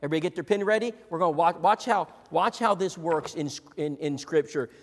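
High-voiced preacher in an echoing hall. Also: male voice, a little fast. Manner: emphatic, repetitive, swings between hushed and rousing. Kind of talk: sermon. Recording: long reverb in a large hall.

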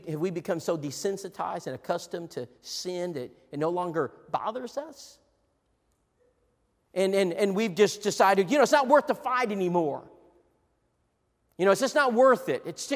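A middle-aged man preaching a sermon, repeating himself, swinging between hushed asides and rousing emphatic bursts. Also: high-pitched. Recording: long reverb in a large hall.

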